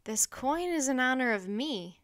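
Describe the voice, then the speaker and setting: A woman voicing a wise, calm Roman emperor, speaking in a slow, measured, stately way. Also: sits high. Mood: grave.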